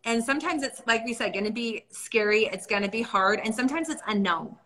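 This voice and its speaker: A woman's voice: fairly high pitch, fairly quick, a bit bright. A young adult woman co-hosting a casual faith discussion, earnest and storytelling. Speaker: podcast co-host.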